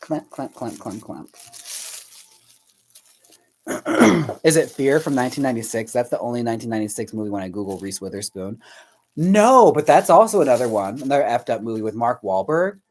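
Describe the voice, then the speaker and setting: A man's voice: medium pitch, lively intonation, fast, a little mellow, slight background noise. Chatty, foul-mouthed man crafting live. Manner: chatty, profane and laughing often; rambling, searches memory aloud. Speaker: livestream host painting dolls. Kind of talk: casual chat with viewers while crafting.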